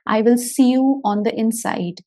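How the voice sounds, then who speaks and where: A woman giving an upbeat promotional pitch and listing features for parents. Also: fairly even intonation, moderate pace, mellow, no echo. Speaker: app promoter, therapist.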